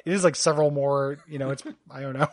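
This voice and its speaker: A man in his late thirties hosting a podcast, wry and relaxed in casual chat. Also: medium pitch, quick pace, no room sound, studio quality. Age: late 30s. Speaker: podcast host.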